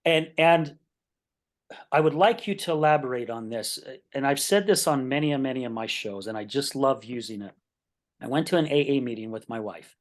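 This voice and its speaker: Storytelling man host, mid-pitched. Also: moderate pace. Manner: animated storyteller, keeps asking "right?". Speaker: podcast host. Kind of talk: interview conversation with storytelling.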